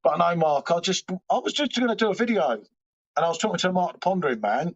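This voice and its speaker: A man's voice: high-pitched, sing-song, fast. A man hosting a live stream from home, rambling and swearing casually as he chats back to viewers' comments. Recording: dull lo-fi stream audio.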